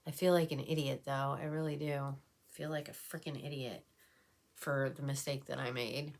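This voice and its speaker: A woman's voice: extremely low pitch, steady tone, normal speed, creaky, darkish tone. A woman talking casually while doing her makeup, emotional and rambling, with many fillers. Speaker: beauty vlogger. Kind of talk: casual get-ready-with-me chat.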